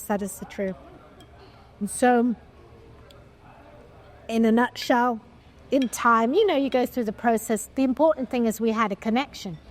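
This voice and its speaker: A middle-aged woman, a film producer telling an animated story in an interview, with frequent restarts. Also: on the high side.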